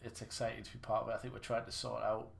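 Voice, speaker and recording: Soft music plays behind a man with a lowish, gravelly voice who speaks very fast with little pitch movement. He's livestreaming snooker, chatting casually, ribbing his own play, and rambling through restarts.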